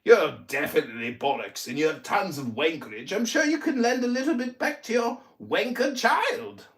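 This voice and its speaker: A man's voice: high voice, lively intonation, normal speed, echoey room. A man putting on a mock English accent, playing a pompous, indignant ranter who swears theatrically in a comic roast. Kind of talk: comic roast in an audio chat room.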